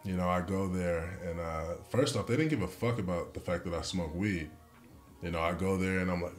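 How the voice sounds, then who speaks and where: A man's voice: low-pitched, steady tone, fairly quick. A man, a former pro football player, telling a long, profane story in casual conversation and laughing at himself along the way. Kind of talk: casual podcast chat.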